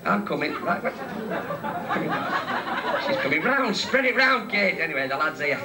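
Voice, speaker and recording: A man's voice: sits high, very animated. A man with a Salford accent doing stand-up comedy in a pub, rattling off one joke after another. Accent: Northern English, Salford. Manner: rapid-fire joke telling. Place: crowded pub function room. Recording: distant mic, live pub crowd.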